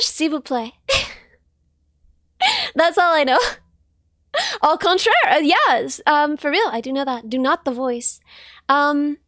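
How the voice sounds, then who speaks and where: A woman livestreaming in a casual, playful chat with viewers, her voice a bit hoarse, thanking people and joking about herself. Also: high voice, a bit bright, no room sound, studio quality.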